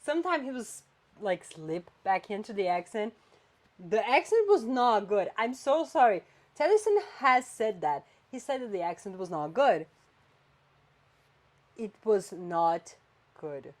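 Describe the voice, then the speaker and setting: A woman's voice: a little high, normal speed. Chatty woman podcast host. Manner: animated, chatty, swings between flat and emphatic. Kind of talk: casual chat.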